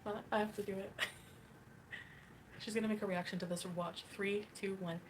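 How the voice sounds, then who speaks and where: A woman's voice: medium pitch, steady tone, normal speed, noisy background. A woman livestreaming, reading chat and ranting in a catty, mocking way with frequent laughs.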